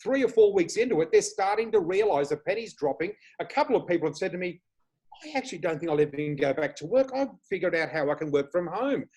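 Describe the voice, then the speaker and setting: An Australian man guesting on a video podcast, talking with lively, excitable enthusiasm about spiritual matters. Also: high-pitched, fast talker, low-quality recording. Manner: enthusiastic, excitable, laughs often. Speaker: flower reader guest. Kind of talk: casual spiritual chat.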